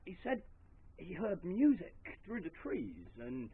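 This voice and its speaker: A man's voice: high-pitched, huge pitch swings, slow pace, gravelly, a little hiss or hum, voice pushed up, heavily acted. A man doing a plain loyal farmhand. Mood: earnest. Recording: tinny lo-fi live recording.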